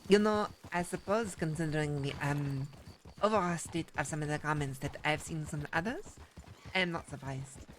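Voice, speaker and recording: A prim, gossipy French busybody artist, played by a woman in a western roleplay game. She talks stiffly and formally with a French accent, her voice sitting a little low, and a faint hiss of noise runs behind her. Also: normal speed, lightly acted. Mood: fretful. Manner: prim, formal speech without contractions, gossipy complaining. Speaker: roleplay character. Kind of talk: in-character roleplay chat.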